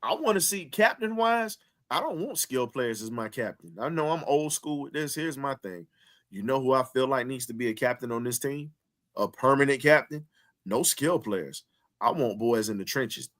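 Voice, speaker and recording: Forceful man preaching sports talk. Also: mid-range voice, expressive, moderate pace. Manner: emphatic, preaching cadence; repeats phrases for emphasis. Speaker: sports show host.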